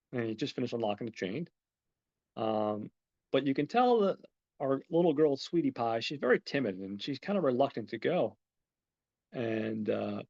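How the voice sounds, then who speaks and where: A man's voice: mid-range voice, a little mellow, dull audio. A man hosting a podcast, recapping a film in a rambling, chatty way and talking straight to his listeners. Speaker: podcast host.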